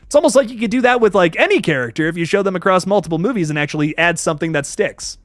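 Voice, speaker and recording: A man's voice: high-pitched, lively intonation, very fast, dry recording, clean studio sound. A young man casually chatting on a live stream, swearing often and reading viewers' chat messages aloud.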